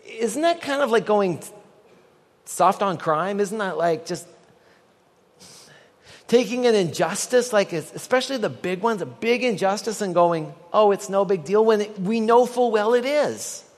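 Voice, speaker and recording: A Canadian man preaching a sermon in an animated, joking way, getting the audience to repeat lines after him. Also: high voice, measured pace, in a large hall. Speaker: pastor.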